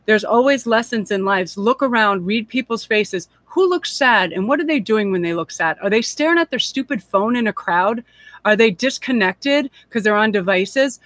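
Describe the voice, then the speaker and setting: A woman's voice: mid-range voice, lively intonation, moderate pace, a bit bright, no echo. A woman reading tarot on a live stream, talking in a gushing, heartfelt and rambling way. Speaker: tarot reader.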